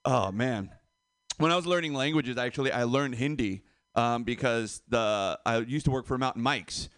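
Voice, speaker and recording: A man doing a stand-up comedy set, animated and laughing at his own jokes. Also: medium pitch, moderate pace, clear, resonant tone, no room sound, studio quality.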